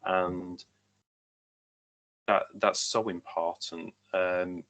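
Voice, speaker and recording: A man interviewing a guest, asking thoughtful, measured questions. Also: deep voice, flat delivery, a bit bright.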